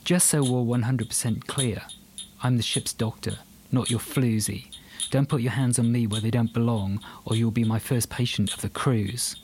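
A man's voice: mid-range voice, steady tone, moderate pace, darkish tone, a little hiss or hum, close to an everyday voice. A man voicing a blunt ex-army woman doctor. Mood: stern. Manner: blunt, firm. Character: prickly female ex-army ship's doctor, guarded.

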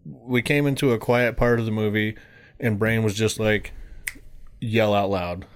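A man telling a story to friends in an animated way, laughing and swearing often. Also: fairly low pitch, normal speed, clean tone. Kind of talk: casual storytelling.

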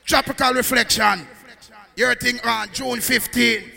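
A MC hyping a dancehall crowd in a high, gravelly voice, dragging his shouted calls out slowly. His sing-song patois bounces around a big hall with a long echo and music underneath. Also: steady tone. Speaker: sound clash MC. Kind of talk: live dancehall hype hosting.

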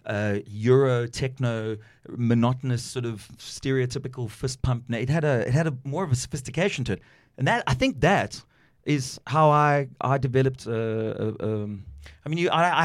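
A middle-aged radio DJ from South Africa chatting in an interview, animated and quick to laugh, telling stories with lively asides. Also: male voice, mid-range voice. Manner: animated storyteller who slips into put-on voices and laughs often. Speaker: radio DJ and guest. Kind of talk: casual interview chat.

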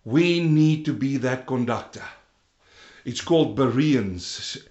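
A man preaching a sermon, swinging between loud rising emphasis and low, quiet passages. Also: lively intonation, takes it slowly, reverberant, muffled recording.

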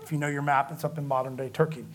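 A man's voice: medium pitch, flat delivery, very fast. A man teaching a Bible study in a conversational, explanatory way, often checking in with his listeners. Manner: conversational, explanatory, frequent "okay?" check-ins.

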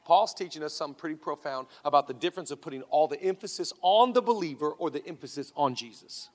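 High-voiced fervent male preacher. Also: expressive, fast talker. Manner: fervent preaching, alternating loud exhortation and quiet emphasis. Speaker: pastor. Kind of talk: sermon. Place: church auditorium. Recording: reverberant large church hall.

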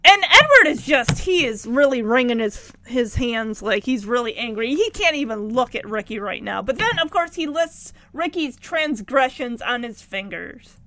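A high-voiced woman recapping a TV episode in a loose, chatty way. She talks back to the characters as if they could hear her. Her voice sounds dry and close, with no room around it. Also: lively intonation, moderate pace, few pauses, pushed and bright, no room sound. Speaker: show recapper. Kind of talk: casual episode recap commentary.

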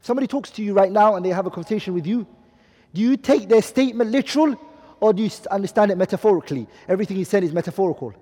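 Here a man with a high, animated voice lectures rapid-fire, his tone mellow and slightly rough. He quizzes the class constantly and says every Arabic term again with its English translation, all inside a long hall reverb.

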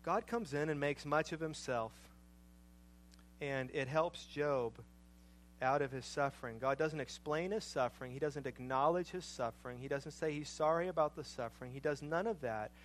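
A middle-aged man preaching a sermon, emphatic, repeating phrases, swelling to loud passionate peaks and then dropping low. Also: normal speed, slight background noise, low-quality recording.

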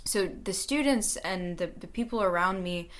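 A woman's voice: lowish voice, moderate pace, fairly bright tone. A young woman in her late teens, a student, telling her story in a casual radio interview, earnest and chatty with frequent fillers. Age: young adult.

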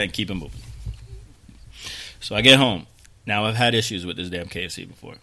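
A man in his thirties co-hosting a casual chat show, telling an animated story and swearing freely. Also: on the low side, a little fast. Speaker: podcast co-host.

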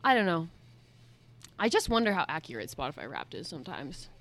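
Young woman, casual chat, rambling and chatty, lowish voice. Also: very animated, a little fast, a bit bright. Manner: chatty, rambling, self-questioning. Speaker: co-host.

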